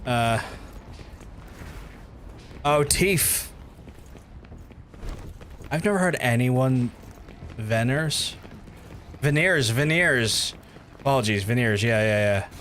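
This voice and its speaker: A man's voice: mid-range voice, fairly bright tone, slight background noise. Sweary Northern Irish man streaming games. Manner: rambling, sweary, many filler likes. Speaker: game streamer. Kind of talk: casual live-stream gameplay chatter. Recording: game music playing under voice.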